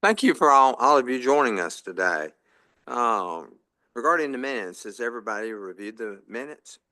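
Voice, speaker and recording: A man's voice: mid-range voice, lively intonation, moderate pace, sharp tone. A man presiding over a formal board meeting, calling motions and votes in set phrases with small fillers.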